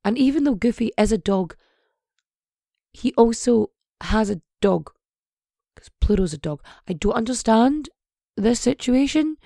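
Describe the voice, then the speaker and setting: Woman podcast host, 30s-40s, voice half gone: husky, nasal, mellow and dark, loose and irreverent. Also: on the high side, expressive, unhurried, long pauses, dry recording, clean studio sound. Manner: swears freely, rambling and jokey. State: hoarse, voice partly gone. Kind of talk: casual, irreverent podcast chat.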